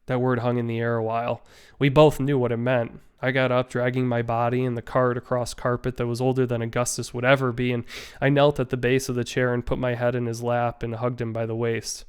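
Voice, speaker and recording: A man, a teacher, reading a novel aloud as an audiobook in a steady, measured way. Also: medium pitch, clear, resonant tone. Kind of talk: audiobook narration.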